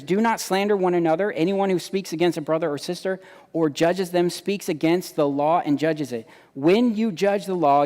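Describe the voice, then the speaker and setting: A man preaching a sermon, animated, acting out quoted voices and swinging between loud emphasis and hushed asides. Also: fairly high pitch, long reverb tail. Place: church hall.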